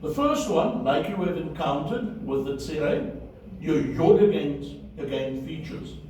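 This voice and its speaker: A man's voice: fairly high pitch, expressive, a little slow, darkish tone. A man teaching Biblical Hebrew in a lecture, repeating key words and checking that his students follow. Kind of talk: classroom lecture. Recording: very echoey, distant, faint room noise.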